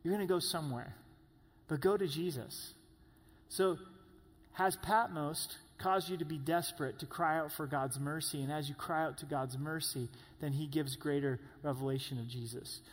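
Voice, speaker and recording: High-voiced preacher in a reverberant hall. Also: male voice, fairly even intonation, normal speed. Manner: rises to loud high cries when voicing pleas. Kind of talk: sermon.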